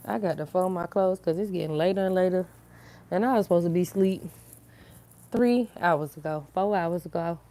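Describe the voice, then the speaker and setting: A woman's voice: lowish voice, moderate pace, dark tone. A sleepy woman in a casual, giggly sign-off chat to her viewers. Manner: giggly and silly, breaks into laughter. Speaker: online inspirational speaker.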